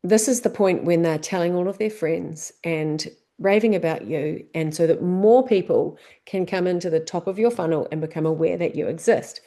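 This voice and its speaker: A woman with a New Zealand accent gives a lesson on business tips, working through questions conversationally and posing plenty of rhetorical ones. Her voice is fairly low and mellow, and she talks at a moderate pace with few pauses.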